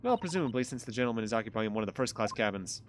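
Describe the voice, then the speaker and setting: A man voicing a polite, hesitant young male hero in a story game, speaking softly and carefully. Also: on the low side, expressive, rapid-fire, background noise, pitched below the performer's own voice, lightly acted.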